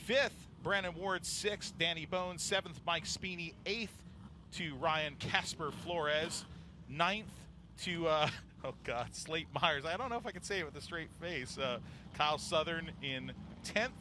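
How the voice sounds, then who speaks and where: A man calling a stock car race live, joking and laughing between laps and quickening with the action. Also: on the high side, background noise. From New York. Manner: jokey, laughs often, excitable on the action. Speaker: play-by-play announcer. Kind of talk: live racing commentary.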